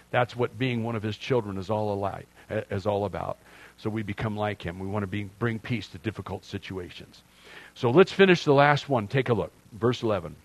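A man in his sixties preaching a sermon in a chatty, lively way, dropping to soft asides and rising to loud emphasis. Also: lowish voice, normal speed, no echo. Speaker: pastor.

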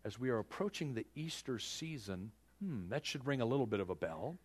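A male preacher giving a sermon with animated storytelling, speaking straight to his listeners. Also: mid-range voice, fairly quick, breathy edge.

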